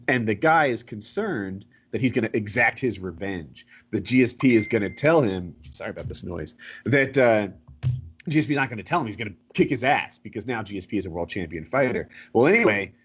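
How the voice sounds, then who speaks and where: A man hosting a podcast, telling a story in a casual, rambling and animated way over a home mic. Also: fairly low pitch, husky. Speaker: podcast host. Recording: dull lo-fi mic.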